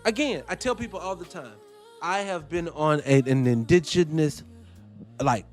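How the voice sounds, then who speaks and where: A man hosting casual reaction commentary, animated and profane, firing off rhetorical questions. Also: a little high, normal speed, faint music behind. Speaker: host.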